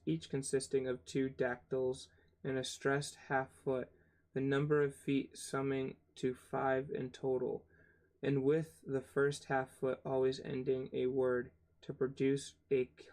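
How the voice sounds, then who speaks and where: A young man reads a textbook aloud at a slow, unhurried pace, his voice sitting at an ordinary middle pitch. He trips over unfamiliar terms, spells them out letter by letter, and breaks off into grumbling, cursing asides. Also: darkish tone. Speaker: channel host reading a book aloud. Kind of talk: casual read-aloud with asides.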